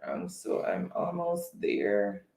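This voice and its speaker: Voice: sits low, sing-song, vocal fry, darkish tone, roomy sound. A quiz host running a live spelling game, chatting casually and reading viewers' comments aloud. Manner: unhurried, chatty, reads out comments.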